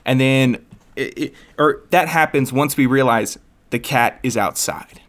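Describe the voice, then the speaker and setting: A man's voice: mid-range voice, unhurried, a bit bright. A man co-hosting a casual chat, joking and playfully scheming, laughing often.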